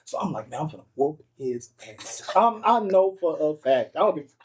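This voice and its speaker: A man, a podcast host, telling a story in an animated way with lots of laughter. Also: fairly high pitch, normal speed, slightly rough. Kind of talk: casual chat.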